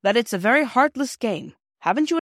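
A woman reading a brisk, hearty country doctor. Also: medium pitch, very animated, no echo, studio quality. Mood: stern. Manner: hearty then stern.

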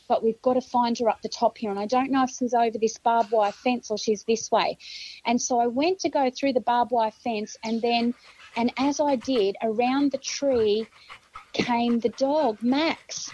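A middle-aged Australian woman, a grandmother, vividly retelling a tense search in an interview and acting out her own shouts and thoughts. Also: a little high. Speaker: grandmother of a found child. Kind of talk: emotional interview storytelling. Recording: dull lo-fi sound.

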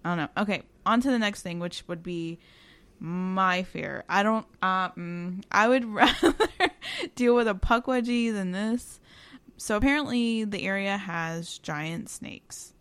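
A woman's voice: mid-range voice, unhurried, fairly bright tone, clear, resonant tone, no echo. Chatty woman podcast host. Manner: chatty, laughs often, trails off. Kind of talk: casual storytelling chat. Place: home room with windows open.

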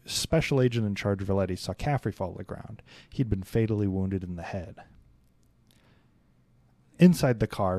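Low-voiced man reading history aloud. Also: no room sound. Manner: steady read-aloud with laughing, chatty interjections. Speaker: podcast host. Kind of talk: reading a historical account aloud with casual asides.

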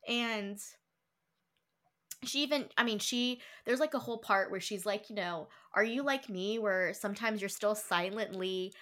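A woman's voice: mid-range voice, a little slow. A young woman hosting a book club chat, reading quotes aloud, laughing and getting emotional as she talks. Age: young adult. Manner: emotional, warm-hearted, laughs often, reads quotes aloud. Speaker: book club podcast host. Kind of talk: casual chat.

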